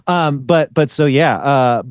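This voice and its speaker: A man's voice: medium pitch, slow pace, clear, resonant tone, no echo. A man hosting a podcast in casual chat, rambling and swearing as he rants. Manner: rambling, profane, ranting. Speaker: podcast host.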